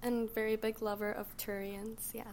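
Young female podcast guest from Miami, hoarse from illness, sincere and chatty. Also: a little high, level tone, normal speed, darkish tone. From Miami, United States. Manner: earnest, open, with frequent fillers. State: sick, hoarse voice. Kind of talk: casual podcast chat.

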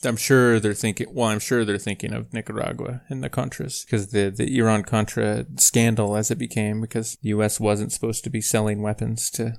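A man co-hosting a podcast, talking casually about film history in a relaxed way with trailing fillers. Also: on the low side, fairly quick, gravelly, hardly any pauses. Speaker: podcast co-host.

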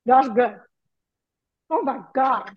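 A middle-aged woman chatting excitedly from her home kitchen over a video call, through earbuds. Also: on the high side, slow pace, breathy edge, no room sound, phone-quality sound. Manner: chatty, excitable, laughs easily. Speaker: guest.

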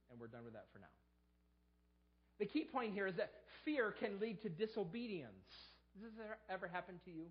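A man's voice: high voice, dull audio. A man preaching a sermon as a pastor, his voice jumping up whenever he acts out the excuses people make. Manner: preaching with sharp rises into acted quotes of excuses.

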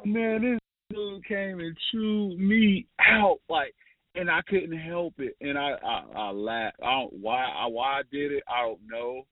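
A man's voice: a little high, a little slow, no room sound. A man, a former college player, tells stories as a guest, laughing often and restarting his sentences with many fillers. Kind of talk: casual storytelling. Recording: phone-like line.

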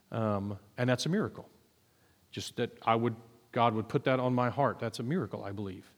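A man who is a minister and psychologist, telling personal stories in a relaxed, self-deprecating way, with many ums. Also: mid-range voice. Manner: conversational, self-deprecating storytelling with many fillers. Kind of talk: sermon testimony. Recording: echoey hall reverb.

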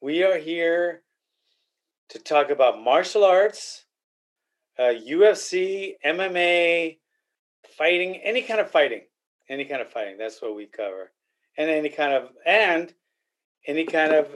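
An older man hosting a casual podcast, talking in a blunt, rambling, repetitive way. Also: fairly high pitch. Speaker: podcast host.

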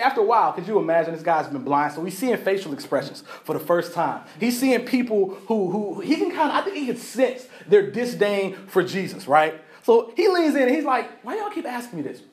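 Male pastor with a high voice, preaching casually and acting out the story. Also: lively intonation, fairly quick, hardly any pauses. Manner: casual storytelling, acts out characters, laughs often. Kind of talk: sermon. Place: church.

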